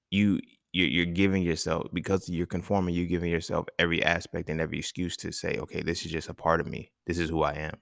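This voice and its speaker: Young male podcast host, deep gravelly voice, dry close sound, loose profane storytelling. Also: fairly bright tone, no room sound. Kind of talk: casual monologue.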